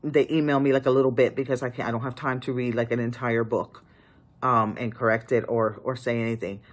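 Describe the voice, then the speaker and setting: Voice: medium pitch, fairly even intonation, fairly quick. An author giving casual writing advice to the camera, emphatic and pleading, often restarting sentences.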